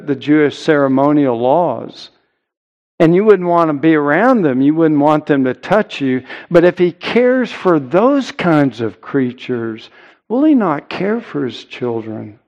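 Man preaching slow and earnest, stresses his points, kinda muffled lo-fi sound. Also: on the high side, a little mellow. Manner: earnest, emphatic preaching with deliberate pauses. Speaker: pastor. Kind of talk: sermon.

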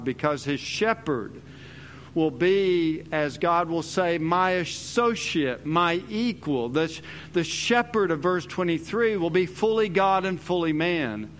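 A man's voice: on the high side, a bit bright, a little hiss or hum. A male pastor delivering an expository sermon, emphatic and repeating his key phrases.

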